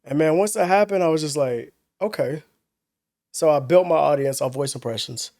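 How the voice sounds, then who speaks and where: A young man chatting as a podcast guest, slightly high-pitched and full of easygoing slang. His storytelling rambles along casually, recorded close and dry with no room sound. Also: moderate pace, a little mellow, no room sound. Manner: laid-back slang-heavy storytelling, laughs often. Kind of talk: casual chat.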